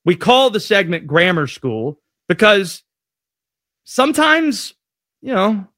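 A man's voice: sits high, slow, dry recording, studio quality. A man hosting a sports radio show, chatting casually and joking at his own expense. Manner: jokey, self-deprecating, animated.

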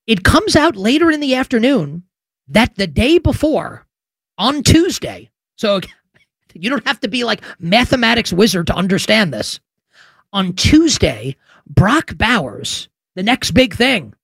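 A man hosts a sports talk radio show, his voice swinging widely in pitch as he rants with sarcasm and emphatic rhetorical questions. He is recorded close on a studio microphone in a dry, dead room. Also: big pitch swings, unhurried, creaky, a bit bright, husky, no echo.

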